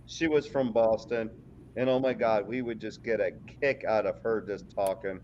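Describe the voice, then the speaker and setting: Halting veteran man on dull lo-fi audio. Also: fairly low pitch, fairly even intonation, a little mellow. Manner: rambling, halting with fillers. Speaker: military veteran podcast guest. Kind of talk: casual chat. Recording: dull lo-fi audio with faint noise.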